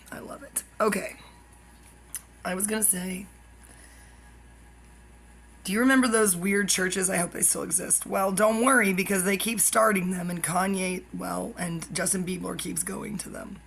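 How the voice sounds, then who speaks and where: Rambling woman with a gravelly voice. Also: fairly low pitch, steady tone, unhurried, a bit bright, low-quality recording. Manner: stream-of-consciousness, jumps between topics, drops into whispered asides. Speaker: YouTuber. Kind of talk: rambling monologue.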